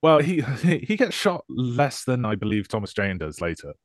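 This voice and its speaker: A man co-hosting a film podcast, his pitch swinging widely as he jokes and laughs through the plot. His voice is close and dry, with no room sound. He banters loosely and sarcastically. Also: very animated, moderate pace, no echo. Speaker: podcast co-host. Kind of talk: casual chat.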